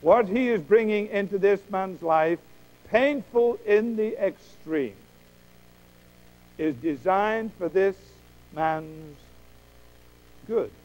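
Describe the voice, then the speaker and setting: A man preaching a sermon emphatically, with dramatic pauses, acting out quoted voices. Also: high-pitched, animated, a little mellow, poor audio.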